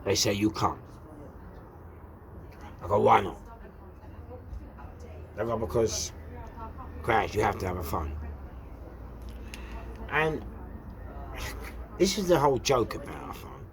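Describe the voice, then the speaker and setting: Gravelly London man ranting. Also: lowish voice, slow, pauses often. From England. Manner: animated and repetitive, with rhetorical questions and shouted outbursts. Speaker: host. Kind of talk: casual storytelling monologue.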